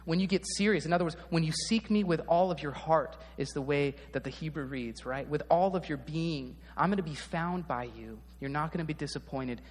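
A male pastor delivers a casual, chatty sermon, often turning to the congregation with a quick "right?". His voice sits fairly high for a man. It rings with the long reverb of a large church hall. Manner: conversational, often asks the audience "right?".

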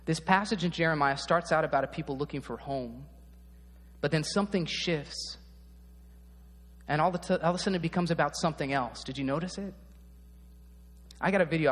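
Pastor with a high voice in a reverberant hall. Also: male voice. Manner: conversational, often asks the audience "right?". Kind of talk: sermon.

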